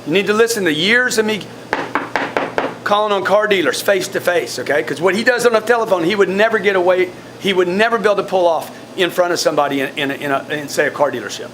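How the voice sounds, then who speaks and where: A man coaching his sales team in a blunt, forceful way, often repeating words. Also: high voice, quick pace, background noise. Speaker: sales trainer.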